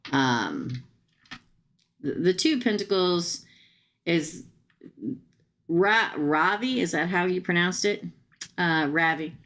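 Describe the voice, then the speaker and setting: Low-voiced woman doing chatty tarot readings. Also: animated, slow pace, long pauses, fairly bright tone. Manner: chatty, talks straight to viewers and comments; casual and blunt, with slangy asides. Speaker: tarot reader. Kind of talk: live-stream tarot reading.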